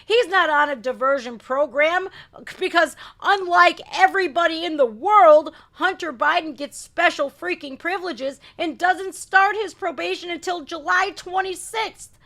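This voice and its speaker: With a very high, slightly bright voice and a measured pace, this woman vents during a live reaction stream. Her heated commentary is full of indignation, curses and rhetorical questions.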